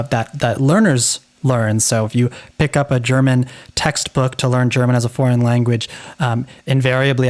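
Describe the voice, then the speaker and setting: A man with a General American accent talks at an ordinary middle pitch. He co-hosts a relaxed podcast, chatting easily and pausing on ums and restarts as he thinks aloud. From United States. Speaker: podcast co-host. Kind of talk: casual conversational podcast talk.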